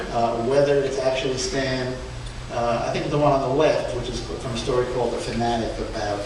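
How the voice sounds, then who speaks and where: A man giving an informal slide presentation at a book event, speaking haltingly with many restarts and fillers and chuckling now and then. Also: mid-range voice, fairly even intonation, darkish tone. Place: event room in a museum. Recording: echoey room, far from mic, background noise.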